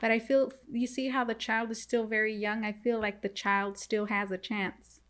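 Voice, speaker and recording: A woman giving a casual tarot reading to viewers, halting and repetitive, often turning to address them directly. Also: fairly high pitch, little pitch movement, a bit bright. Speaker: tarot reader.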